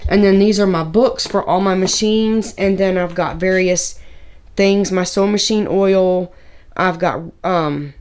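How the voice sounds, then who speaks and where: A woman's voice: mid-range voice, unhurried, a little mellow, clear, resonant tone. A woman gives a casual, rambling tour of her home sewing room, chatting to viewers with fillers and restarts. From Tennessee, US. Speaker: sewing vlogger.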